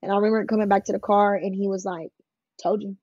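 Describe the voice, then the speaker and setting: Woman guest telling her story, plain-spoken and frank, raspy and gravelly, on a dry recording. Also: mid-range voice, little pitch movement, very fast, darkish tone, no echo, dull audio. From California. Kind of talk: emotional personal storytelling in an interview.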